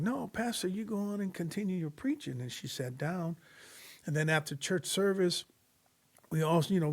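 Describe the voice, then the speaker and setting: A man with a fairly high speaking voice tells a personal faith story in an earnest, preacherly way. He slips into the voices of the people he quotes and leans into the lessons he draws. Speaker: podcast guest sharing testimony. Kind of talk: storytelling testimony in casual conversation.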